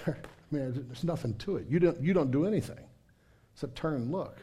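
A man's voice: a little high, animated, moderate pace, dark tone, breathy edge. A middle-aged man preaching a sermon, telling the story with energy and acting out the voices of the people he quotes. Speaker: pastor.

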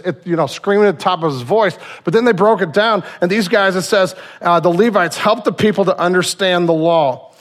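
A man preaching a sermon to his church congregation in a conversational, self-deprecating way, joking with the listeners. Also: high voice. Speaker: pastor. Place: church sanctuary.

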